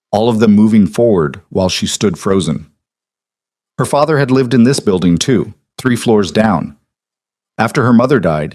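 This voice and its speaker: A man narrates a scripted story in a calm, measured voice. His pitch sits on the low side. The recording is dry, with no room sound. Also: no room sound.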